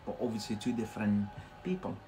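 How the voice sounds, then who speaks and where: A man's voice: lowish voice, animated, brisk, mellow. A man with a Scottish accent teaching English words on a live stream, chatty and checking in with frequent tag questions.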